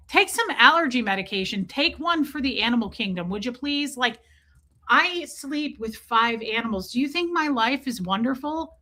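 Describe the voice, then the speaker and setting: A woman on a casual live stream, rambling to her viewers about her pets. She talks in a bright, fairly high voice, swears freely and slips into goofy voices for her cats. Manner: chatty, profane, voices her pets in silly asides.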